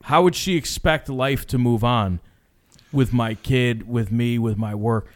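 A man's voice: medium pitch, measured pace. A man in a casual group chat, arguing his point, interrupting and repeating himself. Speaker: podcast co-host.

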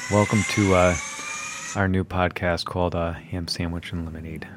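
A man's voice: low-pitched, fairly even intonation, moderate pace, heavy background noise. A man co-hosting a casual podcast, hesitant and stumbling over his words in a joking way. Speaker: podcast co-host.

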